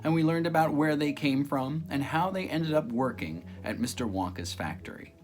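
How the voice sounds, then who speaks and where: A man in his fifties reading a children's story aloud, recapping softly and gently. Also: normal speed, soft background music. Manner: soft, gentle explaining with lively pitch.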